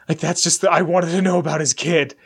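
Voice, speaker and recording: A man's voice: on the high side, fairly even intonation, fairly quick, breathy edge. A man in his twenties hosting a podcast, chatting candidly in a rambling, casually profane way. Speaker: podcast host. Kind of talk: casual chat.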